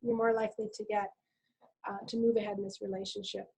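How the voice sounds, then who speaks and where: A middle-aged woman nurse speaking as a webinar guest, calm and reflective, telling stories from her work. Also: medium pitch, fast talker, vocal fry, slightly rough, poor audio. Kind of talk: conversational webinar talk.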